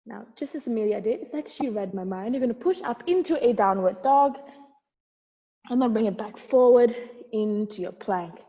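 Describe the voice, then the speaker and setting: At a moderate pace, a young woman with a fairly high, expressive voice leads an at-home barre workout, cueing moves and counting reps. She encourages with light laughs and is sometimes winded, and her wireless earbuds produce a dull lo-fi sound with long reverb.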